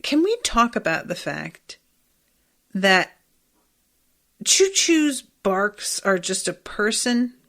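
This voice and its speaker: A woman hosting a podcast, talking casually and quickly through a recap. She swears freely, scatters "like" and "um" everywhere and acts out little quoted lines as she goes. Her voice sits at an ordinary middle pitch. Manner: chatty, profane, animated retelling with quoted asides. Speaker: podcast host.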